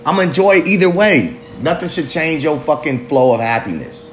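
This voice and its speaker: A man's voice: fairly high pitch, animated, moderate pace, slight background noise. Profane laid-back man musing on a podcast. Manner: loose, profane, street slang, rambling reflective. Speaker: podcast host. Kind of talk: casual solo podcast monologue.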